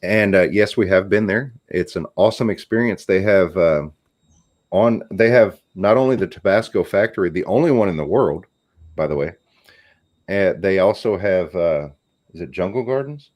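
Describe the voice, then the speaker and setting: Low-voiced man with a Louisiana accent. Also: normal speed, darkish tone. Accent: southwest Louisiana. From southwest Louisiana. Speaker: guest. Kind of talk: casual interview conversation.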